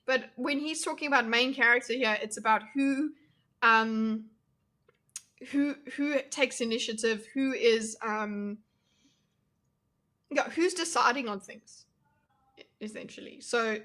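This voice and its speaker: A woman's voice: a little high, slow pace, long pauses, sharp tone. A young woman streaming reaction commentary, talking casually to her chat with blunt, mocking asides.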